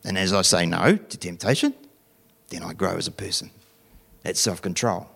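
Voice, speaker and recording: A man's voice: sits low, normal speed, creaky, husky. A middle-aged man preaching a conversational sermon, telling stories, acting out voices and questioning his listeners. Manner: animated storytelling, acting out voices, asking the audience questions.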